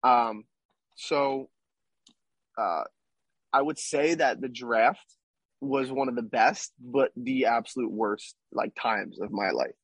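Husky young man telling a story. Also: medium pitch, takes it slowly, long pauses, no echo. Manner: rambling, tag questions like "right?". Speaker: podcast guest, baseball player. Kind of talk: casual storytelling interview.

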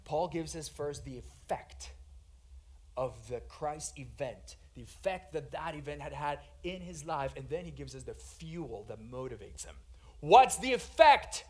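High-voiced man preaching with big dynamic swings. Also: a little slow. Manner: dynamic, swinging from loud emphatic to hushed quiet; addresses listeners as "guys". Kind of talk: sermon.

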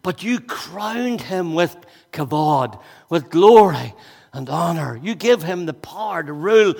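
A man's voice: a little high, lively intonation, a little slow, creaky, a little mellow, long reverb tail. A man preaching a sermon with energy and a chatty way of talking, slightly out of breath, with jokes and asides to the congregation. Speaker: pastor.

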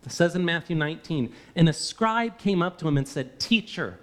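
A man's voice: a little high, lively intonation, moderate pace, a bit bright. A man preaching a sermon, earnest and emphatic, often asking the listeners rhetorical questions. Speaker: pastor.

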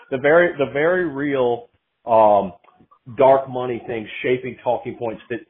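A man's voice: medium pitch, a little slow, husky. A man from Atlanta in his forties, hosting a casual podcast, who rambles and often restarts his sentences. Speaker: podcast host. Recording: tinny phone-like line.

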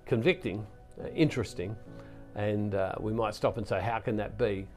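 A man's voice: lowish voice, moderate pace, darkish tone, faint music behind. A man preaching as a Catholic minister, teaching on scripture in an earnest way, with restarts, and reading passages aloud with more force.

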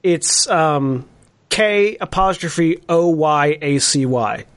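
Fairly high-voiced man chatting at a game. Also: expressive, takes it slowly, fairly bright tone. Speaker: player. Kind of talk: casual chat during a tabletop game.

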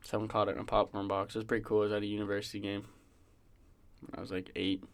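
A man's voice: lowish voice, little pitch movement, quick pace. A young man co-hosting a podcast, telling sports stories in a joking, profane way and laughing often. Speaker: podcast co-host. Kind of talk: casual sports banter.

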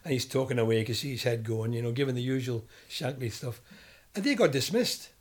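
His voice is mid-range, brisk and slightly rough as this older Scottish former footballer tells stories in an interview. He's animated, mimicking the voices of the people he quotes.

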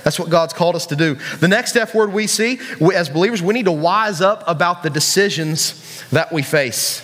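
A man's voice: high voice, normal speed, a bit bright, big-room sound. A man preaching a casual sermon to young people, joking and asking the crowd questions. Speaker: youth pastor.

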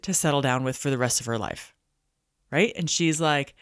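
A woman from Montana hosting a solo podcast, telling stories in an animated way and acting out voices of the people in them. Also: extremely low pitch, normal speed, no room sound, clean studio sound. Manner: animated storytelling, acts out quoted voices. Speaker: podcast host and business coach.

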